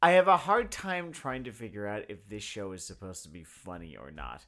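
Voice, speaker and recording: A tipsy man co-hosting a casual review chat, talking in a halting, hesitant way. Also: lowish voice, lively intonation, fairly bright tone. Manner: halting, hesitant, full of ums. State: tipsy from drinking. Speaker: podcast co-host.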